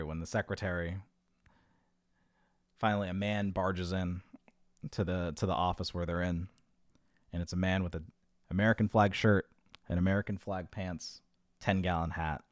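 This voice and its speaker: A man's voice: sits low, darkish tone, no room sound, studio quality. A man casually telling long jokes, rambling with lots of "like" and restarts as he acts out the characters' lines. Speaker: joke teller.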